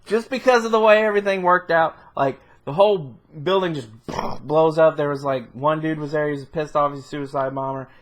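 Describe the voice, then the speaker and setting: Rambling man with a slightly high voice, casual film-review vlog delivery, lots of fillers and laughs. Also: a little fast, hardly any pauses. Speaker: movie reviewer.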